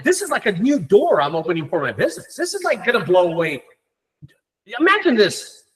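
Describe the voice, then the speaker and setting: A man hosting a group meeting, talking in an excited, rambling way with many fillers. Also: high-pitched. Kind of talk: casual group meeting talk.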